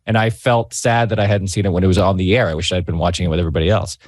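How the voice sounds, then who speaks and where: A man's voice: deep voice, steady tone, very fast, dry recording, studio quality. A middle-aged man, a guest on a talk show, telling stories in a rambling, self-interrupting way. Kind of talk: casual chat, storytelling.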